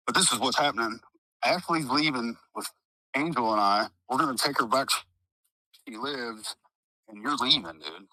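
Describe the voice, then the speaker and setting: This trial witness, a man with a Midwestern accent, talks a little fast in a mid-range voice that sounds pushed and bright. His interview story wanders, full of fillers and profanity, and he voices the dialogue of the people involved. It's a rough, dry recording.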